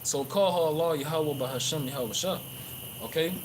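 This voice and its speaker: A man with a slightly high voice preaching off the cuff outside in a park, swearing freely and stumbling through fillers and restarts. Clear outdoor noise runs under his voice. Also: moderate pace, rough recording. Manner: profane, rambling with many fillers and restarts. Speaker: religious livestreamer. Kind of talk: casual street preaching.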